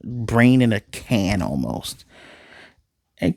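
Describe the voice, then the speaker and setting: Animated man recapping an anime episode. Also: medium pitch, moderate pace, no echo, clean studio sound. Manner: animated, retells scenes with quoted lines. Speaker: anime reviewer.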